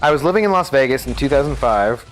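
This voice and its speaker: A man's voice: mid-range voice, lively intonation, quick pace. A man streaming a game live, chatting casually and thinking aloud with lots of fillers.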